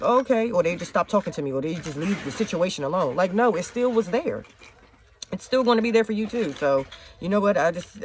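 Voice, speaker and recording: A woman's voice: fairly low pitch, slight background noise. A young woman hosting a faith talk show from home, speaking bluntly with heavy cursing and a preachy edge. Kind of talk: casual monologue to viewers. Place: home with children nearby.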